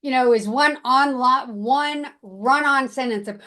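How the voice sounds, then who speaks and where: A woman hosting a podcast who tells stories in an excitable, animated way. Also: sits high, moderate pace, few pauses. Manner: excitable, animated storytelling with big quoted outbursts. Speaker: podcast host. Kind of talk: casual chat.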